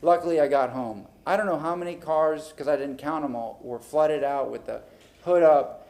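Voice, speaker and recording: At a public meeting, a male city council member vents his frustrations into a desk mic in the council chamber. His voice sits on the higher side and moves at a normal speed as he animatedly acts out conversations.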